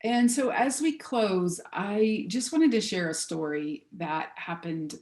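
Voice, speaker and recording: A woman giving a heartfelt spiritual talk over a video call, telling a story gently before leading a meditation. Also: medium pitch, lively intonation, slow pace, roomy sound. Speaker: guest speaker.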